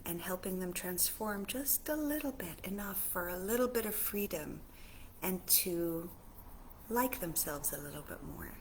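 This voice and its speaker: A woman life coach talking casually on a live stream. She is earnest and heartfelt, repeats her phrases softly, and pauses often with fillers. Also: on the low side, slight background noise. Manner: earnest and heartfelt, with soft repetitions; halting, with many pauses and fillers.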